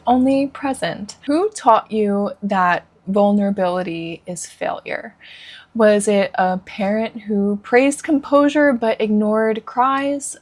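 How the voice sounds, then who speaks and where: A woman who coaches Christian women gives an earnest, encouraging devotional teaching talk and asks her listeners questions. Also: fairly high pitch.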